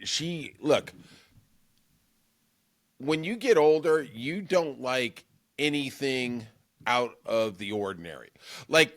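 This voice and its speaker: A man's voice: medium pitch, a bit bright. A middle-aged man hosting a political podcast, rambling through a jokey, self-mocking monologue. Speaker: podcast host. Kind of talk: casual comic monologue.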